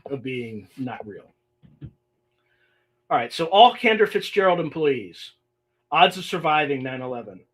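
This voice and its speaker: A podcast host with a slightly high, fairly bright voice chats casually on a livestream. He reads emails aloud and adds exasperated, sarcastic asides.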